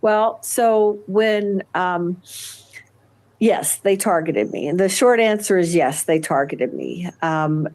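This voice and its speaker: Older woman, lowish voice, halting speech, interview guest, many restarts. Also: darkish tone. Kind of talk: conversational interview.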